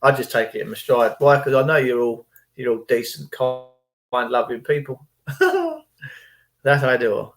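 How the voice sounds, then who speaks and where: A man's voice: medium pitch, steady tone, fairly quick, vocal fry. A man hosting his own channel, chatting casually and rambling as he retells stories and reacts to videos. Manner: chatty, rambling, retells phone calls in reported speech. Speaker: channel host. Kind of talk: casual chat.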